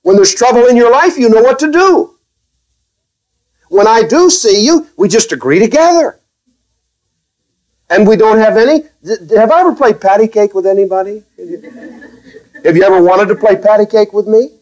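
A man preaching a sermon as pastor to his own congregation, speaking carefully, with restarts and wry, gently sarcastic asides. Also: high-pitched, animated, normal speed, long pauses, muffled recording.

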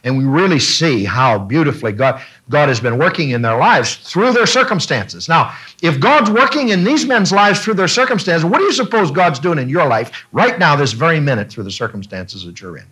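A man leading a Bible study class, talking in an animated way and often repeating himself with fillers. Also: on the high side, moderate pace, hardly any pauses, husky.

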